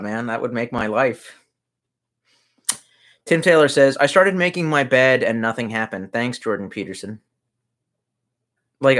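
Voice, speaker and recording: This livestreamer's voice is mid-range with a fairly bright tone. Sitting in his cluttered room at home, he reads chat comments out loud and talks casually, wandering off topic, cursing and mumbling little asides.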